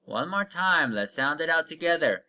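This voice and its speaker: A man teaching young children to read in a recorded online lesson, stretching out each word slowly and giving patient step-by-step cues. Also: on the high side, expressive, bright, forceful tone, clean tone. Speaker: elementary reading teacher.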